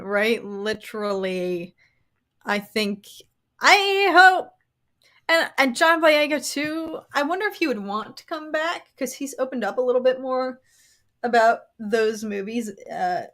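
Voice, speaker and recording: Excitable American woman streamer. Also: fairly high pitch. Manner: excitable, quick to laugh, talks to chat. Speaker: livestream co-host. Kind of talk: casual livestream chat.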